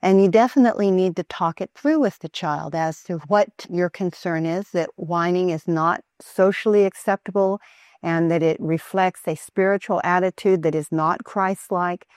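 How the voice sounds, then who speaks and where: A mother giving a calm, earnest talk that teaches parents how to train their children in Christian character. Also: on the low side, moderate pace, no room sound.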